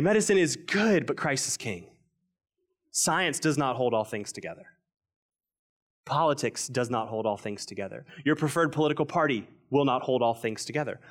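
Man preaching with slow, earnest emphasis. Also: a little high. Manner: earnest preaching, stretches key phrases slowly, drops quiet for emphasis. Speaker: pastor. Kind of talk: sermon.

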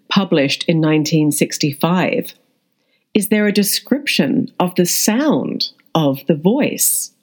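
A woman actor reading a scripted audio essay in a measured, deliberate way. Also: low voice, a little mellow, slightly rough. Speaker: actor and media studies student.

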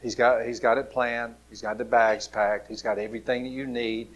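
A man preaching a storytelling sermon, swinging between loud bursts and hushed, near-whispered lines. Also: medium pitch, little pitch movement, moderate pace, dull audio.

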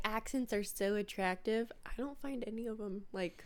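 A woman's voice: mid-range voice, normal speed. A young woman in her twenties on a casual podcast, blunt and profane, telling stories with snarky quoted voices. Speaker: podcast co-host.

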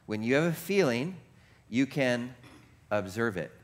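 A male pastor delivers a sermon, shifting from quiet, reflective stretches to rapid, shouted exclamations and posing questions to his congregation. His voice sits in the mid-range with wide swings in pitch.

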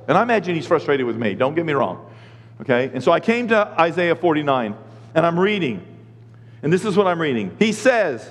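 A middle-aged man from Oklahoma, a pastor giving a sermon, telling stories with lively energy and acting out his own complaining prayers. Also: a little high, brisk. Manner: animated storytelling, acts out his own whining prayers. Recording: long hall reverb.

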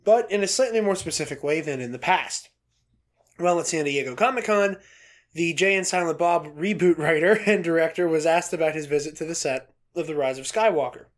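A man co-hosting a podcast, reading a news story aloud in a casual, excitable way, laughing often and swearing casually. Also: on the high side, fairly quick. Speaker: podcast co-host.

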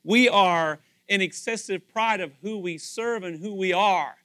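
A man's voice: sits high, unhurried, bright, forceful tone. A middle-aged man preaching a sermon as pastor, asking the congregation rhetorical questions and acting out quoted voices.

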